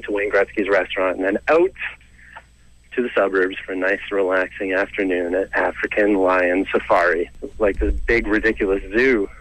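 A man's voice: sits low, fairly bright tone, dry recording, low-quality recording. A young Canadian man, a comedian and storyteller, telling a self-deprecating story in a casual, rambling way with lots of "like" and "you know".

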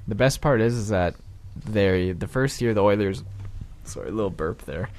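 Young male podcast host, low-pitched, joking, chatty banter. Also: moderate pace, darkish tone. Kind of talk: casual banter.

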